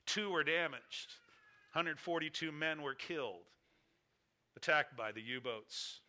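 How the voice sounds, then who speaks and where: Bright-voiced man preaching a story. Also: fairly high pitch, unhurried. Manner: storytelling, emphatic repeated phrases. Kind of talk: sermon illustration.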